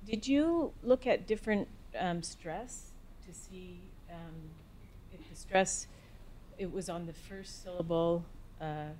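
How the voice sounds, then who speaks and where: A woman's voice: on the low side, takes it slowly, a little mellow, a little hiss or hum. A woman in a lecture audience asking short clarifying questions and checking her understanding with "right?". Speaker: audience member. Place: lecture hall.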